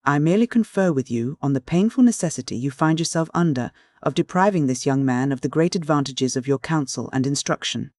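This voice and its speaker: Older male dean, read by a man: prudent, smooth-spoken, evasive; a slightly raised pitch. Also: lively intonation, fairly quick, few pauses, darkish tone, no room sound. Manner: suave, soothing, evasive.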